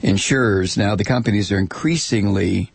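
A man's voice: on the low side, normal speed, vocal fry, slightly rough, no room sound. A man hosting a political talk show, reading news and ranting sarcastically. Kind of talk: political talk radio commentary.

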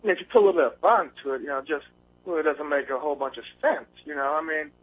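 A man calls in from outside, talking nervously and circling back on himself with constant fillers and restarts. His somewhat high voice arrives over a thin, tinny phone line. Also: sing-song, racing, vocal fry, husky. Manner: rambling, many fillers and restarts. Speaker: caller. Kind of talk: nervous call-in chat. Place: outdoors on a windy day.

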